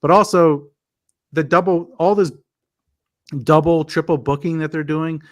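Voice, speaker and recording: A man co-hosting a podcast, chatting casually about wrestling in a halting way, with frequent restarts. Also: on the high side, fairly even intonation, dry recording, clean studio sound. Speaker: podcast co-host. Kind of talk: casual wrestling review chat.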